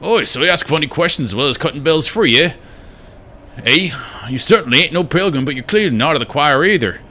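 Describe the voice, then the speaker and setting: A man voicing a gruff, grumpy male bug shrine keeper who scolds loudly in a game. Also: a little high, lively intonation, brisk, pitched above the performer's own voice. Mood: mocking. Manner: loud scolding, calls people louts.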